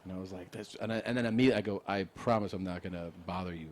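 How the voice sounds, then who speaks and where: A man, a comedian and podcast co-host, telling a relaxed story in casual chat with plenty of fillers. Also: deep voice, rapid-fire, slight background noise.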